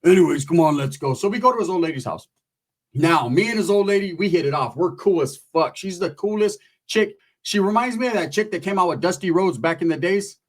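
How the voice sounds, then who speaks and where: A man's voice: sits high, expressive, a little fast. A man telling a rambling, crude comic story in a laid-back, profane way. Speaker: comedian.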